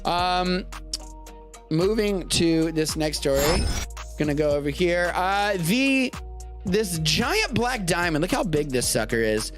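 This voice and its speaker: Over music, a high-pitched American man speaks slowly while hosting a live-streamed podcast show. His chat is casual and rambling, animated, and sprinkled with jokey asides.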